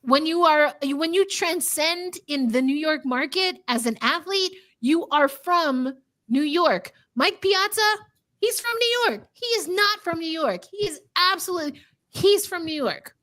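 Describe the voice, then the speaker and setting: A woman co-hosting a casual sports podcast, talking in an animated, emphatic and playful way. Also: very high-pitched, unhurried. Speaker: podcast co-host.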